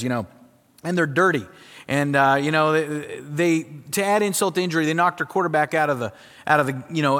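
A man preaching a sermon, telling a personal story in a lively, animated way before moving into teaching. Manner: animated storyteller, voice climbs high when acting out his younger self. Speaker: pastor. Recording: long hall reverb.

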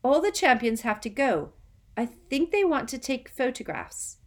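A woman voicing an eager, excitable schoolboy with a squeaky, breathless voice in an audiobook. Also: measured pace. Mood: pleading. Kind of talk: audiobook character voice.

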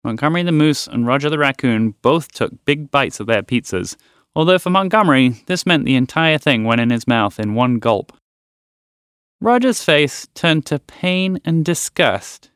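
A man narrating a children's story podcast as its host, with expressive storytelling. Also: medium pitch, moderate pace, clean tone, no room sound, studio quality.

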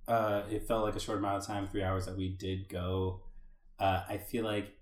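A man's voice: sits low, little pitch movement, moderate pace. A man co-hosting a casual chat, talking in an easygoing, hesitant way with many fillers. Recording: echoey room.

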